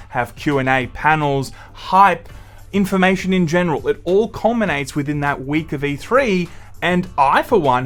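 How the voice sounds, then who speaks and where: Animated Australian gaming news host. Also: male voice, on the high side. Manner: animated, blunt and scornful. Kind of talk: opinionated news commentary.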